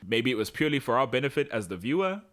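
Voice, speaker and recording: Podcast guy ranting about a tv episode, bright voice, swings up and down a lot, sarcastic. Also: mid-range voice, racing. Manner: animated, sarcastic, acts out characters' lines. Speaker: podcast co-host. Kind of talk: casual TV recap chat.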